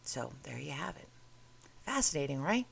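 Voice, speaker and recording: A woman's voice: sits low, very animated, normal speed, vocal fry, a bit bright, slightly rough. A woman hosting a casual talk show, chatty and rambling as she goes through curiosities on her screen. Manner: chatty, rambling, self-interrupting. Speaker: host.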